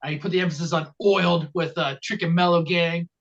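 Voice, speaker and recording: Rambling through a comedic wrestling recap with plenty of fillers and deadpan jokes, the male podcast co-host keeps a steady, slightly bright tone at a quick pace. His mic sounds dull and low-quality.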